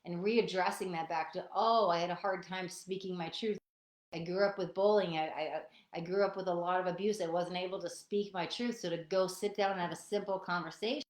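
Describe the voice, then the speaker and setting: A woman's voice: on the low side, fairly even intonation, a little fast. A woman sharing personal healing lessons in an earnest, emotional way, often repeating herself. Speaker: spiritual vlogger. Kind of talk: personal reflective talk. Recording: roomy echo.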